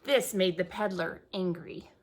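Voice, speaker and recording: A woman preschool teacher reading a picture book aloud to young children, expressive and asking them questions along the way. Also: on the low side, measured pace, a little hiss or hum.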